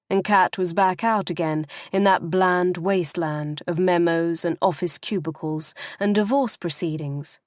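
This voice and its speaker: A woman reads an audiobook in a measured, expressive way, delivering scripted narration. Her voice sits on the low side, and the studio-quality recording has no room sound.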